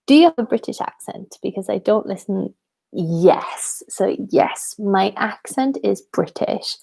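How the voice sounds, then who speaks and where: Her mid-range, mellow voice is expressive with vocal fry, moving at a measured pace. She's a young English teacher from Wales hosting her channel, casually answering viewers' questions live with frequent ums and light laughter.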